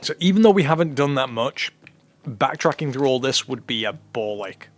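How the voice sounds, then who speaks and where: A young man talks loosely over his gameplay, drifting between thoughts and leaning on "you know" as he goes. His pitch sits in an ordinary middle range, and his delivery stays easygoing and conversational. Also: normal speed. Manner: rambling, relaxed, peppered with "you know". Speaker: streamer playing a horror game. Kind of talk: casual let's-play chat.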